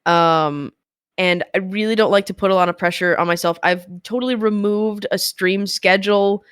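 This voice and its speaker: A woman's voice: mid-range voice, normal speed, smooth, dry recording, clean studio sound. A woman streamer chatting candidly as an interview guest, rambling a little and laughing often. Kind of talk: casual interview chat.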